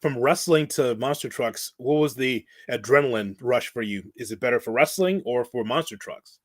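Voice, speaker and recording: A man co-hosting a podcast, asking a guest relaxed, curious questions. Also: mid-range voice, moderate pace, no room sound, clean studio sound. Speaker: podcast co-host. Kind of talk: casual interview question.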